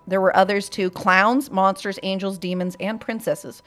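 A woman hosting a podcast, reading a listener's spooky story aloud in a casual, profane way with deadpan asides. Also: mid-range voice, moderate pace, faint music behind. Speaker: podcast host.

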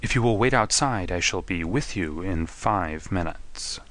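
Man doing a cool precise detective, low voice, bright tone, dry sound. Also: lively intonation, a little slow, dry recording. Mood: hushed. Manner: quiet, precise, assured. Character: sharp, commanding male detective in disguise. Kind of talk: audiobook character reading.

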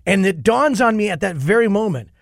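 A middle-aged man hosting a podcast, an animated storyteller who acts out quotes in casual chat. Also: high-pitched, brisk, vocal fry, no echo, studio quality. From Minnesota. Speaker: podcast host.

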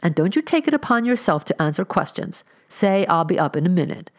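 A woman doing a sharp, stingy old landlady. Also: lowish voice, big pitch swings, brisk, voice pushed up. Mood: demanding. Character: sharp, stingy middle-aged landlady, a widow.

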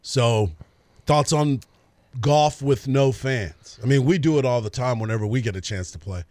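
A man co-hosting a sports radio show in casual chat, laid-back and agreeable, often answering with a quick "right.". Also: medium pitch, a little mellow, no echo.

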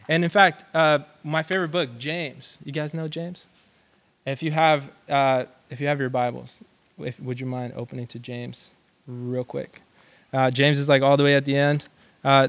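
Animated young male youth preacher. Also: fairly high pitch. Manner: animated storyteller, many fillers like "um" and "like". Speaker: youth pastor. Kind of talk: casual sermon with personal story.

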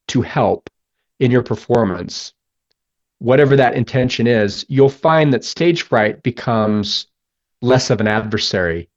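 A man's voice: mid-range voice, muffled recording. A man speaking as a guest on a podcast interview, earnest and reflective, telling a personal story with frequent restarts. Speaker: guest musician.

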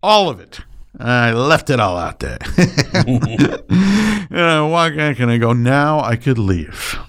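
A middle-aged man telling a personal story as a guest, emotional and animated, swearing and tripping over his words. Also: takes it slowly, vocal fry, smooth. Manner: animated and emotional, swings high when excited. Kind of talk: casual storytelling.

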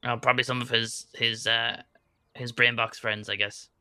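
A man voicing a wary young man who asks quick, stammering questions about his brother. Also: medium pitch, flat delivery, pushed and bright, clear, resonant tone, dry recording. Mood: curious.

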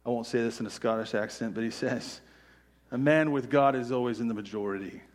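A man's voice: medium pitch, fairly quick. Earnest male pastor preaching a sermon. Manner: earnest, emphatic preaching with swelling intensity. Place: church sanctuary.

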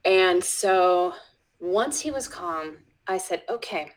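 A woman educator, a guest in a conversational interview, telling a story with frequent restarts and dropping into soft whispers when she quotes someone. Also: fairly low pitch, expressive, slow pace, poor audio.

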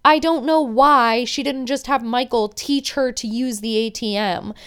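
A woman's voice: on the high side, steady tone, measured pace, smooth. A young woman hosting a podcast, chatting casually and opinionatedly as she recaps a show. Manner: chatty, opinionated, many "like" fillers.

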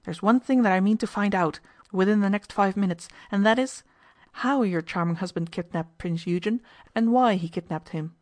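A woman's voice: mid-range voice, normal speed, hardly any pauses, close to an everyday voice. A woman reading the part of a bold, determined young American woman who presses hard with cool, commanding questions. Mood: pressing.

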